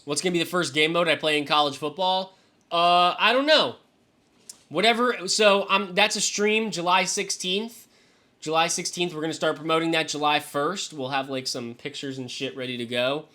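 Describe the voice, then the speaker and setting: Bright-voiced casual male streamer. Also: on the high side, steady tone, normal speed. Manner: loose and swearing, reacts to chat. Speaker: fantasy football streamer. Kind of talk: casual live-stream chat.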